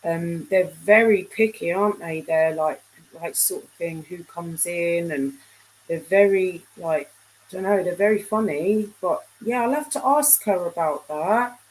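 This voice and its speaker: A woman's voice: fairly low pitch, unhurried, low-quality recording. A middle-aged woman chatting casually with viewers on a live stream, rambling and trailing off mid-sentence. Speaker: livestream host.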